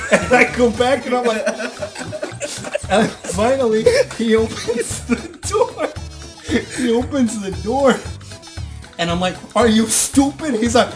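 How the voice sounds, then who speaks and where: A young man casually telling stories to friends, often laughing and acting out loud exclamations. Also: very high-pitched, animated, unhurried, pauses often, over music. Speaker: channel host telling stories. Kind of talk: casual storytelling among friends.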